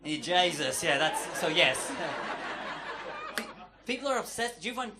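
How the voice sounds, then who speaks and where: A man's voice: a little high, sing-song, measured pace, heavy background noise. A man with an Irish accent doing a chatty, self-deprecating stand-up set on a comedy club stage, with hesitant restarts. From Ireland. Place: comedy club stage before a live audience.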